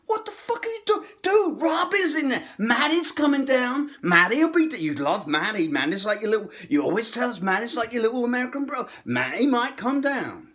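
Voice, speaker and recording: A man putting on a pushy man who loudly guilts his friend. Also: very animated, a little fast, hardly any pauses, full character voice. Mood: badgering. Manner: shouting, badgering, high-pitched.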